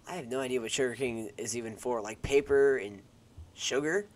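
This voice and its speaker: A young man with a mid-range voice talks fairly quickly as a gaming YouTuber, rambling, joking, and poking fun at himself for his viewers while he plays. He's on a headset mic, and the home recording is noisy with keyboard clicks audible.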